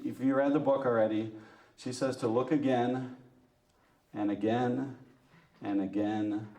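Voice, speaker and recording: Man, parish talk, lively, self-mocking jokes, middle pitch, roomy hall echo. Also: far from the mic. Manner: lively, joking, self-mocking, asks the audience. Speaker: parish speaker. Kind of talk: talk to a women's church group. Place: church meeting room.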